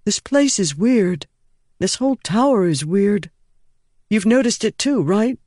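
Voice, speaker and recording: An odd young knight in armor, as a male narrator puts him on in an audiobook. He speaks in a hushed, wondering voice set higher than the narrator's own. The sound is close and dry. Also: expressive, a little slow, no echo. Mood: awed.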